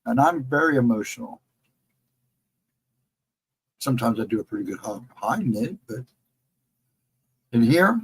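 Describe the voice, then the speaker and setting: A middle-aged man co-hosts a casual livestream chat, speaking earnestly and encouragingly and repeating his advice. His mid-range voice has a breathy edge, and the audio quality is poor.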